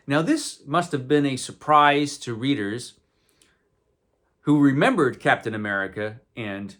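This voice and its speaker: Casual comics reviewer, male, animated pitch, wry and digressive. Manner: conversational, digressive, wry asides.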